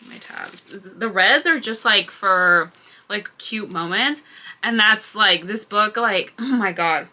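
Bright-voiced woman gushing about books. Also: medium pitch, slow. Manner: gushing, swears a lot, fillers like "like". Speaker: book vlogger. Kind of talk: casual reading vlog chat.

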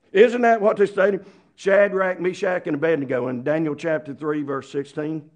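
A man's voice: mid-range voice, lively intonation, moderate pace, a little mellow. A man preaching a sermon, emphatic and full of rhetorical questions.

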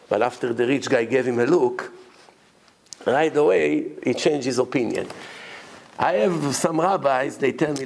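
A rabbi giving an animated lecture, telling stories and acting out the people in them. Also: male voice, mid-range voice, moderate pace, vocal fry. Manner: acts out quoted people, laughs at own stories.

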